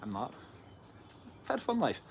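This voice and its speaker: A mid-pitched man in his thirties talks through an album review in a loose, digressive way, doubling back and tacking on asides. He's recording at home early in the day. A faint hiss sits underneath his voice. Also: huge pitch swings, normal speed, creaky. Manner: chatty and digressive, with frequent restarts and asides. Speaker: host of a music review show. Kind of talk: casual spoken record review.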